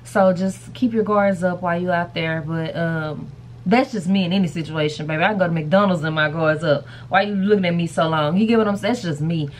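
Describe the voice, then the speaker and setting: A woman's voice: lowish voice, brisk, slight background noise. A woman chatting casually to camera in a rambling vlog, calling her viewers y'all and baby. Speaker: vlogger.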